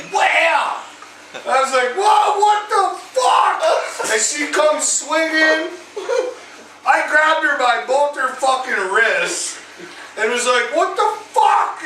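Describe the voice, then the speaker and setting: A man hosting his own vlog, telling a crude, profane story over drinks in a rambling, animated way. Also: extremely high pitch, reverberant, recorded from a distance, slight background noise, rough recording. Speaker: vlog host.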